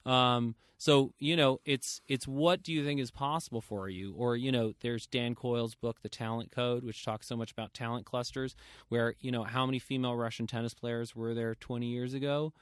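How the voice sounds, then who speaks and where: A man in his thirties hosting a podcast, talking in a loose, animated way with lots of fillers and quoted asides. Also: mid-range voice, normal speed, clear, resonant tone, dry recording, clean studio sound. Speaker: podcast host. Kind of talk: casual interview chat.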